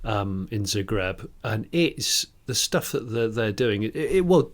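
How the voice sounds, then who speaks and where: A man co-hosting a podcast in casual chat, animated and playful, laughing often. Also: lowish voice, unhurried. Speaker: podcast co-host.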